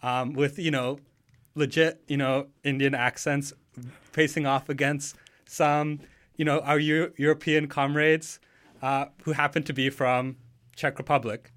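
A man's voice: fairly high pitch, a little slow. A man co-hosting a podcast in casual chat, rambling with lots of fillers and restarts. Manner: relaxed, rambling with many fillers. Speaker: podcast co-host.

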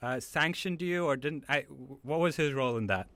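Guy from south africa interviewing, polite, kinda hesitant, bright sharp tone. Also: fairly high pitch, moderate pace, no room sound. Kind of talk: interview questions.

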